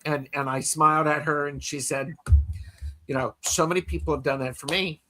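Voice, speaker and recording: A man's voice: fairly high pitch, steady tone, moderate pace, bright, forceful tone, slight background noise. A man hosting a podcast in casual chat, telling stories in a rambling way with many fillers and restarts. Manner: reads listener comments aloud. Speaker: podcast host.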